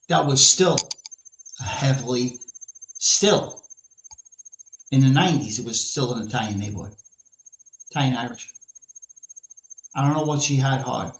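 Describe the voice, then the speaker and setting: A man with a New York accent ranting brashly and profanely as a podcast host in casual chat. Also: medium pitch. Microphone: live stream mic. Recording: echoey lo-fi room sound.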